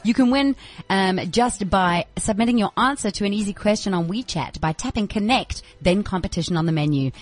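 A woman's voice: mid-range voice, animated, brisk, hardly any pauses. A woman co-hosting a radio show, chatting playfully and laughing often. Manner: giggly, playful. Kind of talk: casual radio chat.

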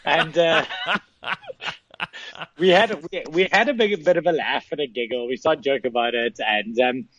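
A man calling in as a guest, telling a casual, animated story. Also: on the high side, unhurried, a little hiss or hum. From South Africa. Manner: animated, laughing anecdotes with acted-out quotes. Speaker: phone-in guest. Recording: dull phone line.

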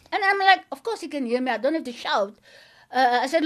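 Guest, woman, middle-aged, South African accent, very high pitch, earnest testimony. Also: expressive, a little fast, fairly bright tone. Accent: South African, Afrikaans-tinged. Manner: earnest, repetitive, emphatic. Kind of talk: faith testimony chat.

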